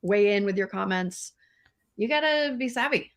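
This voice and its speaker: A woman co-hosting a podcast in a loose, conversational discussion. She talks earnestly and with emphasis, repeating words for stress and filling pauses with small hesitations. Her voice sits at an ordinary middle pitch. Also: lively intonation, a bit bright. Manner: earnest, emphatic, many fillers. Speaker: podcast co-host. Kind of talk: casual discussion.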